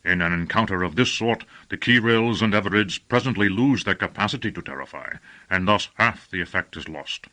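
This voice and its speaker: A gruff, rumbling sorcerer, as a male narrator puts him on, smug and commanding in his speech. The voice sits low yet stays bright in an audiobook reading. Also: expressive, brisk. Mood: lecturing. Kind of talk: audiobook character voice.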